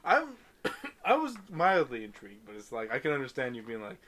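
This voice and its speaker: Laughing, animated young man. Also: medium pitch, fairly quick, a crowd in the background. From Southern California. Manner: laughing, profane banter. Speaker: podcast co-host. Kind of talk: casual chat.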